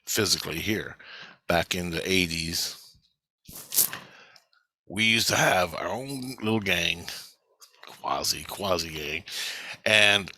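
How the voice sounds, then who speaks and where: A man's voice: sits low, slow pace, long pauses, pushed and bright, dry recording. A middle-aged man telling a rambling, profane story from his childhood in a casual spoken way.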